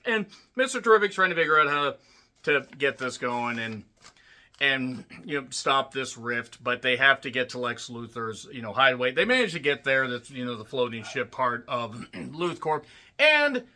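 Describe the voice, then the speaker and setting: Bright-voiced man recapping a movie. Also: medium pitch, sing-song, moderate pace. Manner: rambling, profane, clears throat often. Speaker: movie reviewer. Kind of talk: casual spoken film recap.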